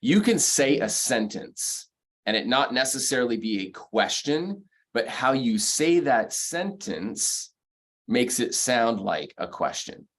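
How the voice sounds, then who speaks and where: A man's voice: mid-range voice, big pitch swings, slow pace. A man giving a motivational sales lesson in an ordinary mid-range voice. He talks emphatically, hammers the same phrases again and again, and works through his advice point by point. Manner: emphatic, repeats key phrases, counts off numbered points. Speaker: mortgage sales coach. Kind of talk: motivational sales training talk.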